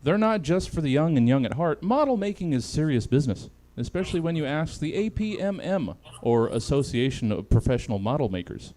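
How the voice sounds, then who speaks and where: A man's voice: fairly quick, hardly any pauses. A man hosting a comedy panel show over a video call, laughing often between lines. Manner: laughs often, lively swings in pitch.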